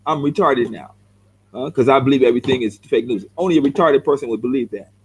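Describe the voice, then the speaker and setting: A fast-talking, middle-aged man from South Central LA rants into the camera at viewer comments in a medium-pitched, slightly mellow voice. He has a Los Angeles accent and is blunt and confrontational, repeating himself and calling people "bro." The recording is rough, with a little hiss or hum.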